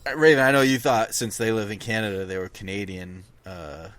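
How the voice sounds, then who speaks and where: A man's voice: fairly low pitch, fairly even intonation, a little fast, fairly bright tone, no room sound. A man co-hosting a casual podcast chat, eagerly jumping in with questions and explanations. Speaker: podcast co-host.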